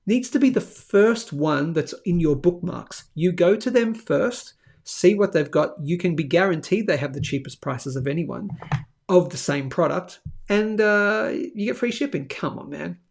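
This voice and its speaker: A man's voice: sits high, unhurried, creaky. A man hosting a live morning show, talking casually through sponsor reads and viewer comments with frequent "okay?" asides. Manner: chatty, animated, lots of "okay?" asides.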